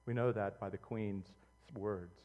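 A middle-aged male pastor delivering an animated sermon, his voice rising to loud emphatic peaks and then dropping low and close. The sound carries a long reverb, as if heard in a large church hall through a stage microphone. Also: a little slow. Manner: animated preaching, swinging between loud outbursts and quiet, low intimacy.

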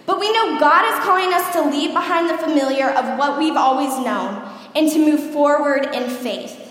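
Young female speaker, high-pitched, chatty and animated sermon testimony, heavy hall echo. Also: normal speed. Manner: animated, chatty, asks "okay?" often. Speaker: youth speaker giving testimony. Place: large hall with audience. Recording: echoey hall, room mic.

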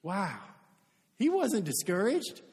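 A man with a high voice preaches a sermon, trading off between story and acted-out lines. He grew up in Kentucky. His voice rings out with a long reverb in a large church hall. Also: slow, slightly rough. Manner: lively storytelling, acts out quoted dialogue. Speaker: pastor.

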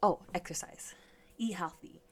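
Whispered and husky, a lowish female voice moves at a moderate pace. She's a young podcast host doing a laid-back solo show, cursing freely, laughing often, a bit congested and yawning now and then.

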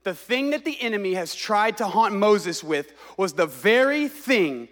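Very high-voiced impassioned male preacher. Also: animated, measured pace, fairly bright tone. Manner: impassioned, exclaiming, repeating phrases for emphasis. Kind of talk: sermon.

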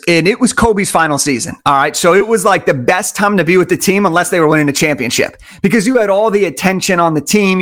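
Male guest with a slightly high voice, an enthusiastic storyteller who hammers his points home. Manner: energetic, enthusiastic, emphatic repetition. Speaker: podcast guest. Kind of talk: conversational storytelling.

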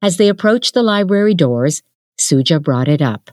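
A woman host calmly reading a novel excerpt aloud, in a gentle storytelling manner. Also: lowish voice, normal speed, dry recording, studio quality. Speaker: podcast host and reader. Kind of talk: scripted narration.

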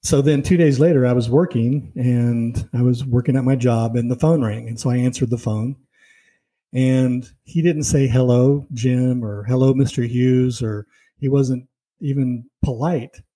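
A man's voice: mid-range voice, fairly even intonation, a little slow, mellow, rough recording. A man teaching a Bible lesson in a conversational way, telling personal stories and driving his points home with "see" and "you know.".

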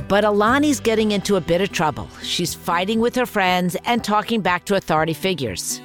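A woman hosting a parenting podcast, coaching a mother in a calm, affirming, gently guiding way. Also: mid-range voice.

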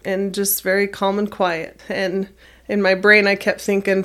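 A woman teacher calmly recounting a personal experience in an interview, measured and plain-spoken. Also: medium pitch. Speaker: middle school math teacher.

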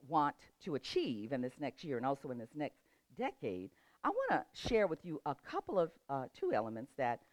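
An older woman with a low-set voice laughs often while telling a lively story, then shifts into a relaxed motivational talk about setting goals. The recording is dry.

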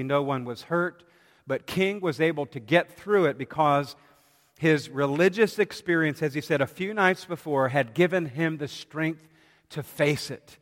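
A man preaching a sermon from the pulpit in a measured, dramatic way, with pauses between phrases. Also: fairly high pitch, fairly bright tone. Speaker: pastor. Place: church sanctuary. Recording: long hall reverb.

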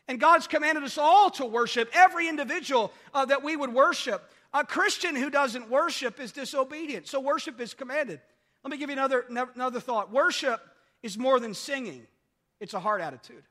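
A male pastor preaching an emphatic sermon, repeating key phrases and swinging from loud exclamations to quiet asides. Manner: rises to loud exclamations then drops low.

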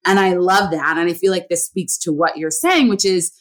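A woman's voice: lowish voice, normal speed. A woman hosting a podcast, talking in an earnest, emphatic, conversational way and often tagging her points with "right?". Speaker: podcast host. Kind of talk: casual conversational interview.

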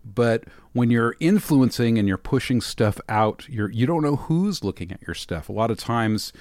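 A man co-hosting a podcast in casual chat, talking in an animated, rambling way with many restarts. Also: mid-range voice, moderate pace, dry recording, studio quality. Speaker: podcast co-host.

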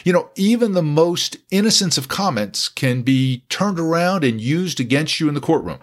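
A man's voice: fairly high pitch, animated, moderate pace. Man, lawyer giving truckers a folksy talk, jokey, repeats key points. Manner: folksy, jokey, with emphatic repetition. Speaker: lawyer advising truck drivers.

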